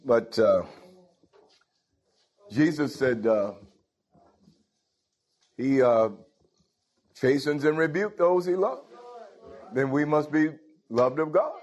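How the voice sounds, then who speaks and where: A man's voice: on the high side, expressive, takes it slowly, pauses often, darkish tone. A man preaching a sermon in a conversational way, often putting questions to his congregation.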